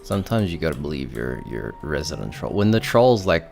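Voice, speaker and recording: A low-pitched, gravelly man rambles playfully while he streams a game and teases his chat. His pitch swings a lot as he talks, and faint music plays behind him. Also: very animated, a little fast, hardly any pauses, darkish tone. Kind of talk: casual gaming commentary.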